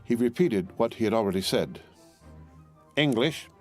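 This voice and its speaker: A man with a deep, low voice narrates a classic novel in measured, even storytelling. Soft music plays faintly behind the reading. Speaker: audiobook narrator. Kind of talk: scripted narration.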